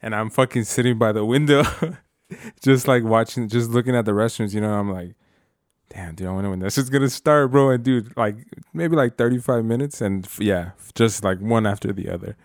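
A man's voice: on the low side, fairly quick, dry recording, clean studio sound. A young man telling loose, profane stories with slang and laughter in casual chat. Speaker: storyteller in a casual podcast chat.

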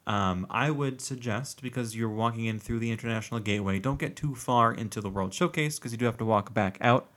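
A man's voice: mid-range voice, brisk, hardly any pauses, fairly bright tone. A man co-hosting a casual podcast, chatty and self-mocking, rambling with fillers as he shares ideas. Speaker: podcast co-host. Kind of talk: casual chat.

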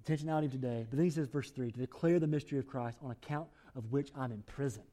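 A man's voice: medium pitch, rapid-fire, dark tone. A male pastor preaching a sermon in a church, speaking urgently and addressing the congregation directly.

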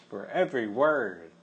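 A man's voice: medium pitch, noisy background. A man co-hosting a podcast, reacting to stories with short replies and joking asides. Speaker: podcast co-host. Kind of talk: casual chat.

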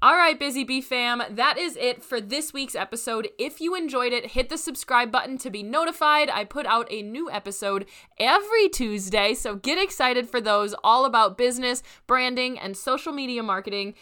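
Woman, young adult, podcast host, raspy hoarse voice, bright and forceful, energetic direct delivery. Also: a little high, normal speed. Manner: energetic, direct, repeats for emphasis. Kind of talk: solo podcast, upbeat motivational talk.

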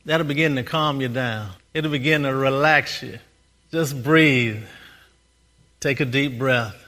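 A man preaching a sermon as pastor, building rhythmic repeated phrases, slowing down for emphasis and laughing at his own stories. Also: mid-range voice, bright, forceful tone.

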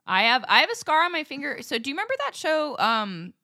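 A woman's voice: high-pitched, sing-song, fast talker, bright, forceful tone, dry recording, clean studio sound. A woman co-hosting a podcast in casual chat, laid-back and slangy, swearing casually. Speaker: podcast co-host.

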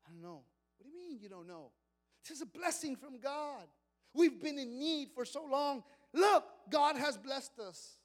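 A man voicing the members of an ancient farm family in a sermon story, from giddy joy to hushed grief. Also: very high voice, animated, moderate pace, long reverb tail, faint music behind. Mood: hushed, grave.

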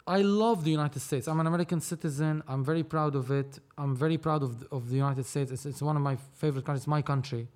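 A man's voice: fairly high pitch, fast, hardly any pauses, darkish tone. A man from Lebanon, talking animatedly as a podcast guest, repeating himself as he goes. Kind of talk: casual conversation.

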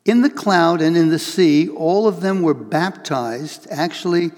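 A male pastor preaching a sermon, telling illustrations with lively acted-out voices and reading scripture aloud. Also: fairly high pitch, a little slow, big-room sound. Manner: animated storytelling, acts out voices in illustrations.

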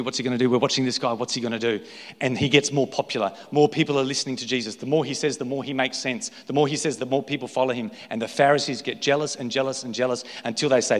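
A man's voice: medium pitch, fairly bright tone. A male pastor preaching an emphatic sermon full of rhetorical questions in a large church hall. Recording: long hall reverb.

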